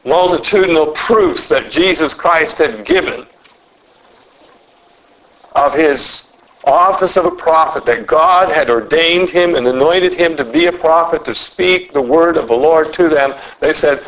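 A man preaching an expository sermon, speaking in a measured, deliberate way and slowing down for emphasis. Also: on the high side, a bit bright, slight background noise, poor audio.

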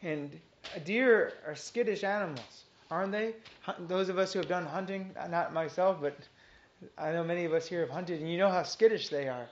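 A woman's voice: on the low side, normal speed, a little hiss or hum. A woman teaching from the Bible to a small group, reading verses aloud and repeating them with earnest emphasis. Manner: earnest, reads scripture aloud with emphatic repetition. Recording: dull lo-fi recording.

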